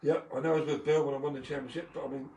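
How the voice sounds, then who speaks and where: A man's voice: on the high side, flat delivery, very fast, dark tone. A man, a former motocross champion, telling rambling anecdotes full of fillers and chuckles on a live video call. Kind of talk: casual storytelling. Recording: echoey room, distant mic, faint noise.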